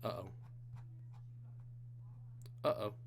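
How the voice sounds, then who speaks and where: A man's voice: extremely slow, a little hiss or hum. A tired man hosting a live-streamed trivia game, reading out questions and joking with the chat between them. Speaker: trivia host.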